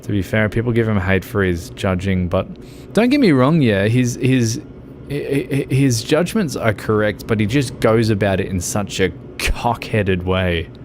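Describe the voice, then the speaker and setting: A man's voice: on the low side, lively intonation, a little slow, darkish tone, slight background noise. A man streaming a game who chats casually, rambles and laughs often.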